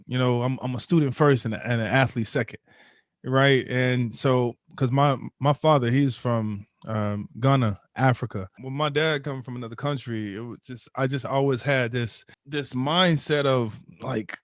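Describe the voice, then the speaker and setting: A man's voice: mid-range voice, moderate pace, dry recording. Earnest man telling a story, dry sound. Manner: earnest, emphatic, restarts words often. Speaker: podcast guest, former football player. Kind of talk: storytelling in a casual interview.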